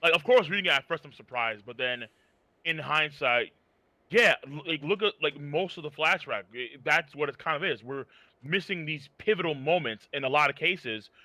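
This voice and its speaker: A man's voice: on the high side, expressive, normal speed, sharp tone, no room sound. A man co-hosting a podcast, talking animatedly and profanely with lots of filler words. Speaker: podcast co-host. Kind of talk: casual podcast chat.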